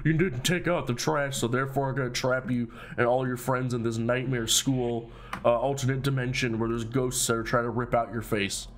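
A man's voice: mid-range voice, steady tone, moderate pace, slight background noise, lightly acted. A man voicing a nagging ghost mother who scolds her child about chores, in a mocking tone. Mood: scolding.

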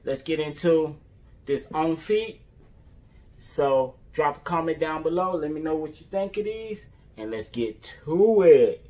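A young man in a casual vlog, reviewing sneakers for his viewers and bursting into whoops and drawn-out stresses. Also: on the high side.

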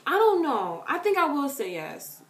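Woman vlogger, fairly high voice, animated casual chat, roomy echo. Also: normal speed. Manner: chatty, animated, addresses viewers as girl and you guys. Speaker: vlogger answering viewer questions.

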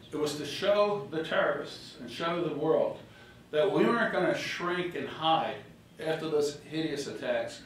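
An older man, a former governor, gives an animated political speech at a hotel ballroom reception, full of anecdotes and acted-out quotes. His voice is a little high, captured from far off in an echoey ballroom with slight background noise.

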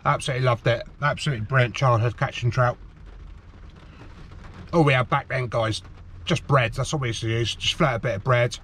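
A middle-aged man from the Cotswolds chats away to the camera on a tripod by the shore, rambling from one thought to the next and calling everyone "guys". He speaks around a sweet in his mouth, in a voice of average pitch. Faint outdoor ambience hums behind him. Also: steady tone, a little fast, long pauses, fairly bright tone, slight background noise. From England, the Cotswolds. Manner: chatty, rambling, keeps calling viewers "guys". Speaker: fishing channel host. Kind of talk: casual vlog chat to viewers. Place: outdoors on the shore of a harbour, light rain.

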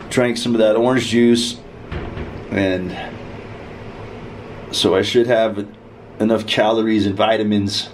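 A middle-aged man with the flu and a sore throat, rambling and complaining in a profane casual monologue to camera. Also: on the low side. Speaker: vlogger. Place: cold room with frozen windows. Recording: roomy echo with faint noise.

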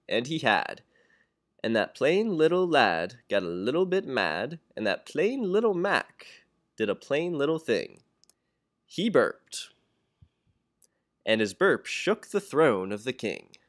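A young college-age man reading a rhyming children's storybook aloud in an expressive, sing-song way. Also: medium pitch. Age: young adult. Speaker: children's book reader.

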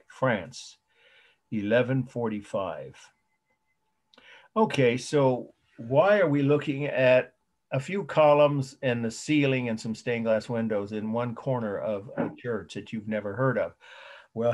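A man lecturing on art history over a video call, slowly spelling out terms and repeating key points. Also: medium pitch. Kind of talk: online lecture.

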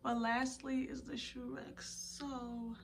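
A young woman talks to her viewers from her bedroom in loose, slangy chatter. Her voice sits somewhat high for a woman. The recording carries steady background noise and clicks. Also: slow, vocal fry. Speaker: vlogger. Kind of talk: casual chat to camera.

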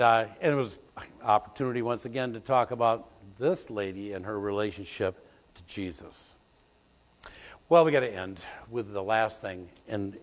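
An older man, a pastor, preaching a sermon, telling stories and breaking into loud snippets of old songs. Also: medium pitch. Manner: storytelling, animated, bursts into loud sung song snippets. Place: church sanctuary. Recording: long church hall reverb.

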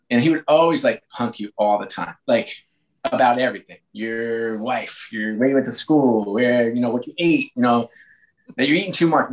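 Guy in his late 40s on a podcast, telling stories in a mid-pitched voice, lots of restarts. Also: poor audio. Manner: animated, frequent restarts and repeated words. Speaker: guest, sports team executive. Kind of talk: casual interview storytelling.

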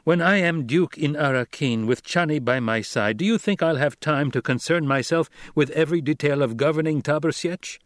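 A cold, commanding young noble speaks slowly and deliberately in a voice lifted well above the reader's own, as a male narrator puts him on. The audiobook sound is dry and close, with no room around it. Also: a little high, no echo, pitched above the performer's own voice, close to an everyday voice. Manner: slow, cold, commanding delivery.

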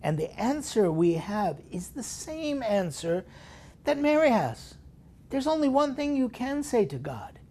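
Gravelly, mellow-voiced priest preaching. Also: male voice, very high-pitched, very animated, a little slow. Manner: emphatic, swinging between loud stresses and hushed whispered asides; talks straight to listeners with rhetorical questions. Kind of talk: sermon meditation broadcast.

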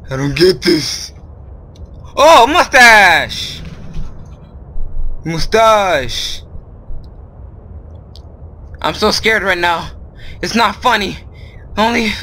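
A man's voice: on the high side, sharp tone, a little hiss or hum. A man hosting a horror game video, nervous and rambling, filling gaps with lots of ums. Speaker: gaming video host. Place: at home with his brother nearby.

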